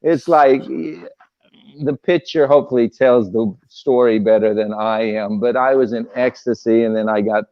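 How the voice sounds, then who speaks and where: Older man telling memories, halting. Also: medium pitch. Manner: emotional, halting, many fillers. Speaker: guest recalling memories. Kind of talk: casual storytelling interview. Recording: dull lo-fi sound.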